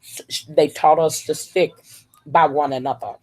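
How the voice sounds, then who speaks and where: Emphatic preachy woman, husky voice. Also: deep voice, fairly even intonation, a little slow. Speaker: live streamer. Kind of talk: encouraging testimony.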